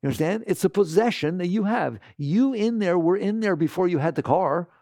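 A man teaching spiritual ideas to a live audience, rhetorical and animated, constantly asking the listeners questions. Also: high-pitched, a little fast, dry recording, studio quality. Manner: animated, slips into mocking quoted voices.

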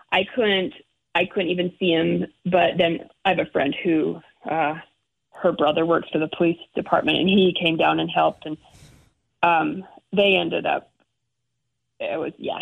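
A middle-aged woman, a guest, telling an emotional personal story in halting, restarting speech. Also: on the low side, creaky, slightly rough. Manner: halting, restarts often, acts out quoted relatives. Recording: phone-like narrow sound.

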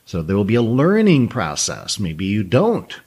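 A man's voice: fairly low pitch, moderate pace, husky. A man giving a motivational talk on goals and trading habits, earnest and emphatic, repeating words for stress. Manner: earnest, repetitive emphasis, lively. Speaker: trading coach.

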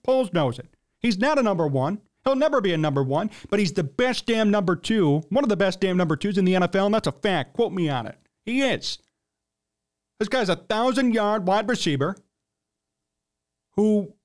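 Male sports-show host, fairly high pitched; blunt, emphatic opinion monologue. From United States.

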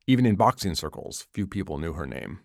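A man narrating a radio documentary as host, in a measured storytelling delivery. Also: low-pitched, big pitch swings, creaky, darkish tone, no room sound, studio quality.

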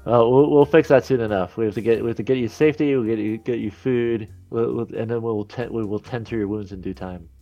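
A man's voice: medium pitch, steady tone, fairly quick, few pauses, dark tone, dull audio, soft background music. A man playing a tabletop game, speaking in character in an earnest, reassuring way and stammering over his words. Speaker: player.

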